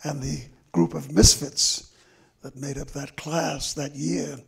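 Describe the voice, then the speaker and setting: An older man, a memoir author, telling stories from his life slowly and reflectively at a live talk on stage. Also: a little high, flat delivery, vocal fry, husky. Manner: slow and reflective, with drawn-out pauses. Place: stage event before an audience.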